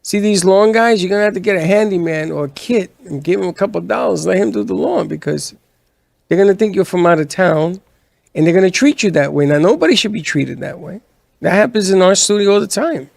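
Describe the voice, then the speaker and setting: Man, high voice, gravelly, storytelling, dry close sound. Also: lively intonation, brisk, darkish tone, dry recording. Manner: storytelling, acts out quoted lines. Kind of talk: casual chat.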